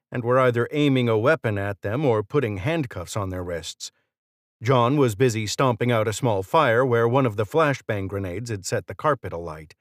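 A man narrating an audiobook in a measured, steady reading. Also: medium pitch, no room sound, studio quality. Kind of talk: scripted narration.

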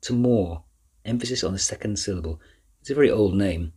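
A man voicing an eccentric, polite professor in a storybook reading, brisk and evasive. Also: fairly low pitch, darkish tone, slightly rough.

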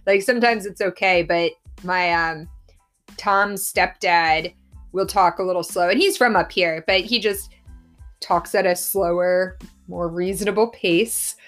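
Woman, Philly accent, quick chatty storytelling, casual podcast, faint music underneath. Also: lowish voice, fairly bright tone. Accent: Philadelphia. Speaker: podcast co-host. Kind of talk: casual chat.

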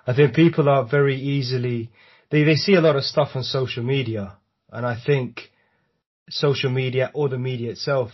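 A man interviewing a guest in a rough, husky voice. He responds in an agreeable, thoughtful way. The recording sounds muffled and lo-fi. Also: medium pitch. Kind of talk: conversational interview.

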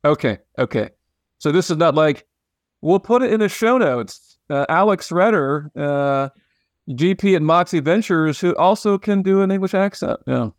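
A man's voice: a little high, animated, moderate pace, dry recording, clean studio sound. A man hosting a podcast, joking and rambling with frequent restarts in casual chat. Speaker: podcast host.

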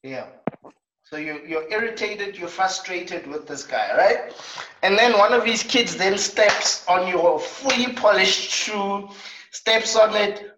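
A South African man hosting a coaching talk show, telling stories in a lively way with acted asides. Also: high voice, reverberant, far from the mic, poor audio. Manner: animated storytelling with acted asides.

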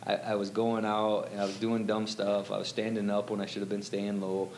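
A man's voice: fairly low pitch, completely flat delivery, fairly quick, darkish tone, slight background noise. Rambling middle-aged man telling a story. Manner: rambling, full of "you know" fillers. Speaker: interview guest. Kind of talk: personal storytelling.

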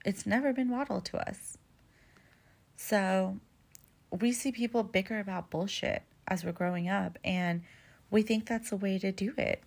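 A woman's voice: medium pitch, normal speed, creaky. A woman hosting a podcast, giving relationship advice in a candid, casual monologue that is full of swearing and "like" fillers. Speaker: podcast host.

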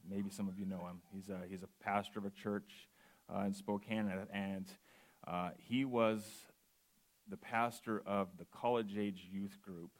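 Male guest preacher, 40s, lowish voice, earnest sermon delivery. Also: steady tone. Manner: earnest, reads scripture then slows into a personal testimony.

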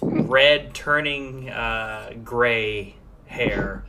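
A man's voice: mid-range voice, drawn-out words, gravelly, noisy background. A man narrating as game master of a tabletop game, loose and rambling with many fillers.

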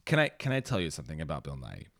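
A man co-hosting a casual movie podcast, talking in quick restarts and swearing freely. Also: extremely low pitch, wildly swooping pitch, gravelly, a bit bright, no room sound, clean studio sound. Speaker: podcast co-host. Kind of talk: casual movie-review chat.

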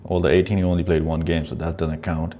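A man's voice: low voice, fast, slight background noise. A man hosting a casual podcast, reacting to video clips with profane, mocking commentary. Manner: profane, mocking, animated asides. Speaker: podcast host.

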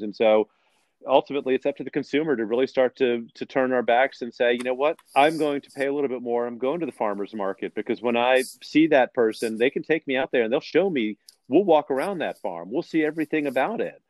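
A man's voice: medium pitch, brisk, darkish tone, no echo, poor audio. A man in a casual conversation, speaking earnestly and telling stories with enthusiasm.

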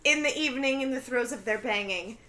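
A woman's voice: high-pitched, a little fast, pushed and bright. A woman co-hosting a casual podcast, animatedly retelling a TV episode with frequent laughter. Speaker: podcast co-host recapping a TV episode. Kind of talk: casual chat.

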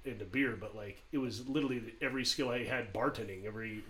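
A laid-back man chats in a joking, self-mocking way. His middle-pitched voice stays easygoing. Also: fast talker, fairly bright tone, slight background noise, rough recording. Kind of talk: casual chat.

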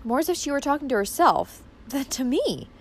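A prim, offended young woman complaining to her mother in a raised, aggrieved voice, as a woman reads her aloud. Her pitch climbs high and swoops with indignation. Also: lively intonation, brisk. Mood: indignant. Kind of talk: audiobook character reading.

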